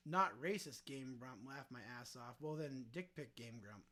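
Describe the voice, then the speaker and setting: A man's voice: medium pitch, expressive, moderate pace, bright, forceful tone. A man hosting a casual livestream, joking around and answering viewer chat aloud, with some swearing. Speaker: livestream host.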